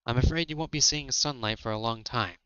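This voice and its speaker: A man's voice: medium pitch, fairly quick, bright, forceful tone, smooth, no room sound, highs cut off, lightly acted. A man voicing an arrogant, formal-speaking armored horse-woman knight who commands soldiers. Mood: haughty.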